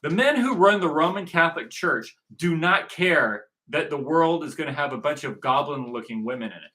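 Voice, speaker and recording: A man's voice: on the high side, lively intonation, normal speed, sharp tone. A man from Southern California giving a rambling, repetitive recruitment monologue, circling back to the same points. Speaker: movement organizer.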